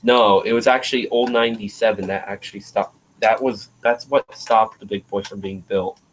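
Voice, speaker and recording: A man's voice: on the low side, steady tone, normal speed, slight background noise, low-quality recording. A man hosting a casual livestream chat, rambling and trailing off as he searches for words. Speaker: livestream host.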